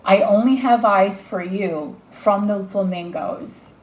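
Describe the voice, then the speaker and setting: A woman's voice: mid-range voice, slow pace, darkish tone, roomy sound, slight background noise, rough recording. A woman giving a live tarot reading, gushing and emotional as she talks straight to the viewer. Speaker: tarot reader.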